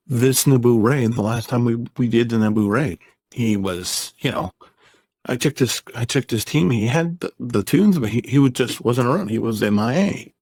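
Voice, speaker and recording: A man in his thirties tells a long, rambling story in a casual vlog, exasperated and sarcastic, and his voice sits at an ordinary middle pitch. The recording is very dry and close, with no room sound. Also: a little mellow, no echo. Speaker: gaming YouTuber.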